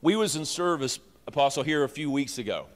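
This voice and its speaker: A man's voice: fairly high pitch, animated, fairly quick. A middle-aged man, a pastor teaching leaders in a folksy, joking way with many fillers and restarts. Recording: long reverb from a hall.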